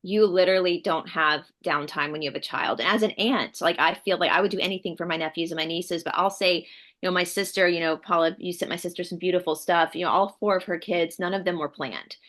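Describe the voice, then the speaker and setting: A woman from the States, co-hosting a casual chat and telling stories in an animated way, acting out what people said. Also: on the low side, fast. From Southern United States. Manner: animated storyteller, acts out quotes. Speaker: co-host. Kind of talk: casual conversation.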